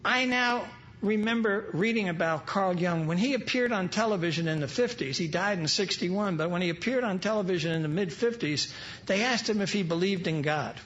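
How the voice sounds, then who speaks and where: An older New York man tells stories to an audience at a recovery meeting, dropping humorous, wry asides. His voice is high-pitched, a bit bright, and fairly quick. The live recording from a large event hall is dull and lo-fi.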